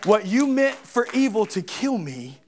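Middle-aged male preacher with a very high voice, dramatic sermon delivery, voices Bible figures. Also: measured pace. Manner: animated, dramatic, acts out Bible characters.

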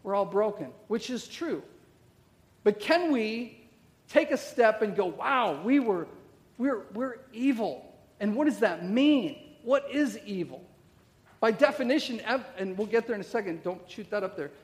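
A man's voice: sits high, animated, normal speed, a little mellow. A middle-aged male pastor preaching a conversational sermon, full of rhetorical questions and frequent "okay?" check-ins to the congregation. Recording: long reverb of a large hall.

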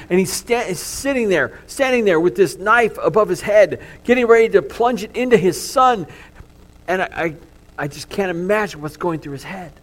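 Earnest preacher man, slightly high voice. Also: normal speed. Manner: earnest storytelling, swings from loud to hushed. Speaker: pastor. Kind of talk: sermon.

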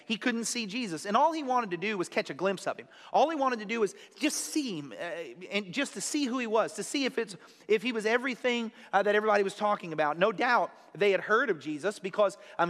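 A man's voice: high-pitched, a bit bright, long reverb tail. A man preaching an expository sermon in a conversational way, repeating key phrases for emphasis. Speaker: pastor.

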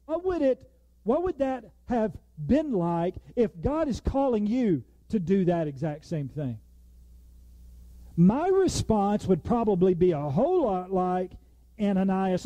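A man with a high-pitched voice preaches a sermon in an animated, conversational way, now and then acting out the lines of people in the text. The recording is dry.

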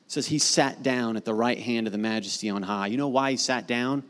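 A middle-aged man preaching a sermon as pastor, conversational and animated, building to emphatic repeated lines. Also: mid-range voice, fairly quick. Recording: long hall reverb.

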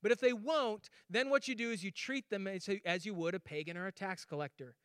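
A man's voice: high-pitched, a little fast, a bit bright, clean tone, no room sound, clean studio sound. A man preaching a sermon as pastor, telling stories animatedly with acted voices and laughs.

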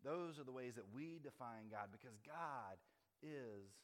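Brief: mid-pitched male pastor, sermon style, stresses words slowly, long reverb. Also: animated. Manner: conversational preaching, slowing to stress key words.

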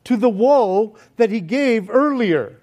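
A man preaching a sermon, slow and earnest, often dropping to soft, hushed words. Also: very high-pitched, lively intonation. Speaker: pastor. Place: church hall.

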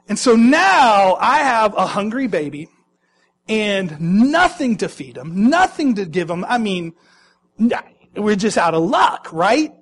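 A young adult man, a pastor, telling a self-mocking personal story to an audience in an animated way. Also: high voice, breathy edge. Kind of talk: personal anecdote told to an audience.

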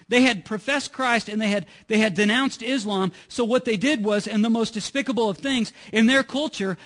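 A man's voice: high voice, fairly bright tone. A middle-aged man preaching a sermon in a conversational way, often repeating words as he restarts. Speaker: pastor.

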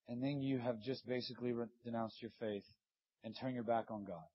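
A man in his thirties delivers a sermon with a husky edge, his pitch sitting in an ordinary middle range. He swings from loud, urgent emphasis to hushed, earnest passages. The recording sounds dull and lo-fi. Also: a little fast. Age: 30s. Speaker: preacher.

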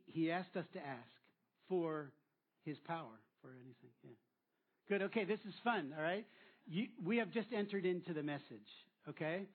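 A man preaching a sermon as pastor, drawing answers from the congregation and repeating them back with encouragement. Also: sits high. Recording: tinny phone-like sound.

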